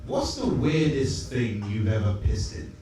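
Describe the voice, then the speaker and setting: A man's voice: medium pitch, big pitch swings, measured pace, noisy background. A man judging comics at a live comedy show, laughing and teasing as he gives feedback. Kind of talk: live stand-up feedback banter. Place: comedy club stage. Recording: echoey club, distant mic, loud crowd.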